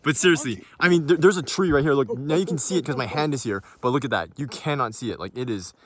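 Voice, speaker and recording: A man's voice: medium pitch, fast, low-quality recording. A young man narrating a casual travel vlog to the camera in a chatty, upbeat way. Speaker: vlogger. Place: outdoors, windy desert trails and lookouts. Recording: loud wind noise on camera mic.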